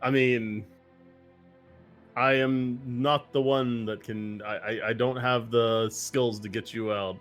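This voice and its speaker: A man playing a tabletop game who describes his character's actions with halting restarts. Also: mid-range voice, fairly even intonation, a bit bright. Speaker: player. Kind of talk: casual talk at a game table. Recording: faint background music.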